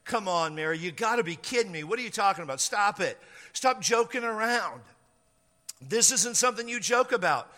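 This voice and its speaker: An agitated young man, as a preacher acts him out pleads and then shouts in disbelief. His voice is high and bright. It rings through a church hall with a long echo. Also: lively intonation, moderate pace.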